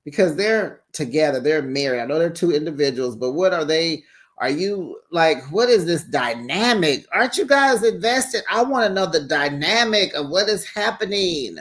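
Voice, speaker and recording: A host casually recapping a reality TV episode, animated and sassy, tossing in "child" and "honey". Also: mid-range voice, normal speed. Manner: animated and sassy, quotes cast members; colloquial, says "child" and "honey".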